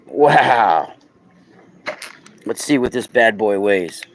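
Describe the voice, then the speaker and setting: A man with a fairly low voice that rises and falls a lot talks casually to his viewers. He is excitable and exclaims loudly, chatting from home. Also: very slow, vocal fry. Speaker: crystal seller and podcaster. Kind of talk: casual livestream chat. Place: indoors at home.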